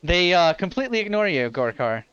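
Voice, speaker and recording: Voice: medium pitch, sing-song, brisk, a bit bright, clean tone, no echo, dull audio. A game master narrating a tabletop game in a casual, rambling way full of fillers. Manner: casual, filler-heavy storytelling. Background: ambient fantasy music.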